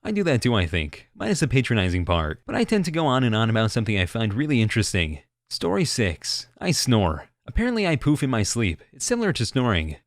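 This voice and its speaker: A man reads online stories at a brisk clip, his voice rising and falling in lively swings. His delivery is wry, and he slips into quoted voices now and then. The sound is dry and close, with no room around it. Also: mid-range voice, dry recording. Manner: quick, animated, wry, jumps into quoted voices. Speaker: narrator. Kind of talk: reading online stories aloud.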